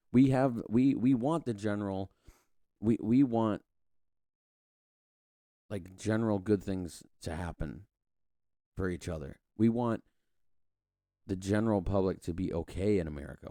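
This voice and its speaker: A man's voice: sits low, mellow, no echo, clean studio sound. A man hosting a podcast, rambling through a casual political monologue with frequent restarts and casual swearing. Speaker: podcast host.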